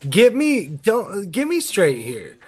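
A young man riffing on a movie with friends, his voice sitting fairly high and swinging all over the place. He cracks jokes in a loose, casual way and likes putting on a mock radio DJ voice. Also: huge pitch swings, slow pace, slightly rough. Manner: jokey, puts on a mock radio DJ voice. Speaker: podcast co-host.

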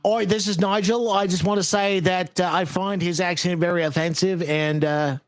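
A grumpy, easily offended cousin who speaks up stiffly, as a man puts him on. His voice sits a bit high. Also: steady tone, normal speed, natural voice. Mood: indignant.

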